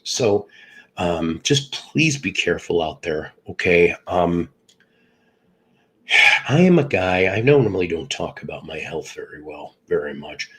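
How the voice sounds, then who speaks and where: This husky, low-sitting male voice has a fairly bright tone and comes through a rough recording. He's a middle-aged livestream host, congested with illness, who jokes and rambles while welcoming viewers by name in a relaxed chat.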